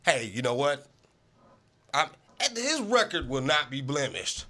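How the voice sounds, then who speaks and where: Animated man ranting about sports. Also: medium pitch, measured pace. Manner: animated, emphatic, repeats himself for emphasis. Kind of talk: casual sports debate.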